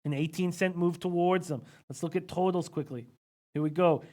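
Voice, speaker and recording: A man's voice: high-pitched, fairly even intonation, moderate pace, mellow. A man hosting a live betting-picks stream, thinking aloud casually and reading out viewer comments with frequent hmms. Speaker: sports betting analyst host.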